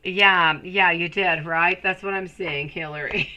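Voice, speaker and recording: A woman's voice: lowish voice, steady tone, unhurried, sharp tone, poor audio. A woman giving a live-stream tarot reading, soothing and rambling, often calling viewers sweetie. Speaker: tarot reader.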